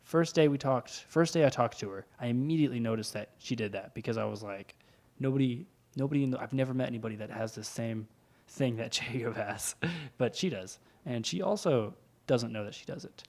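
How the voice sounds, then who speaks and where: A man's voice: mid-range voice, fairly quick, darkish tone. A young man co-hosting a podcast, chatting casually, rambling and laughing as he goes. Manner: rambling, laughs often, restarts words. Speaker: podcast co-host. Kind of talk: casual chat.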